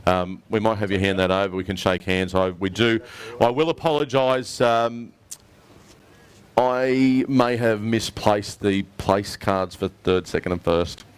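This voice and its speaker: A man's voice: lowish voice, steady tone, measured pace, clean tone. An Australian man emceeing a live prize presentation at an outdoor weigh-in, upbeat and matey as he calls up each winner. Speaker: tournament emcee.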